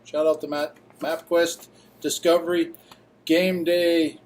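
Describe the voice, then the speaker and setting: A man's voice: fairly high pitch, little pitch movement, slow, a little mellow. A man chatting casually for a vlog at a baseball stadium, joking and trailing off into mumbles. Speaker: vlogger. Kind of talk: casual travel vlog chat.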